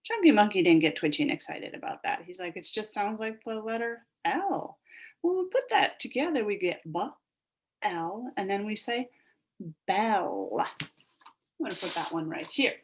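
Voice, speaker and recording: A woman teaching a phonics lesson to young children, stretching out sounds in an animated sing-song way. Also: medium pitch, moderate pace, slightly rough.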